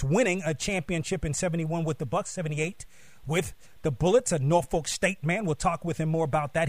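A man's voice: high-pitched, dry recording. A man hosting an interview show, asking long, rambling questions with enthusiasm. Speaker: show host.

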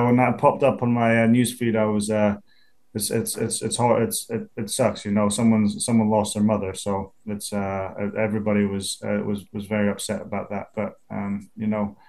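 A young man with a Scottish accent talks in a relaxed, easygoing way. His voice sits at an ordinary pitch. He often repeats words while he gathers his thoughts and laughs easily. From Scotland. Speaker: interviewed football punter. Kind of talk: casual interview.

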